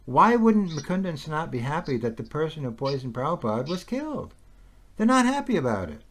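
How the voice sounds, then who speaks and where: A man's voice: fairly high pitch, big pitch swings, brisk, fairly bright tone. Agitated man firing rhetorical questions. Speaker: conversation partner. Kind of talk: heated casual conversation.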